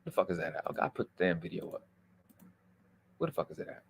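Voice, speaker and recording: A man hosting a livestream, ranting in a heated, profane way and swinging from low muttering to loud outbursts. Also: very animated, fast, gravelly, slight background noise. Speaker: livestream host.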